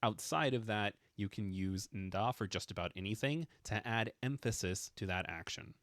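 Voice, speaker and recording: A man's voice: on the low side, moderate pace, fairly bright tone, dry recording, clean studio sound. A man teaching a casual language lesson, explaining with playful emphasis and jokes.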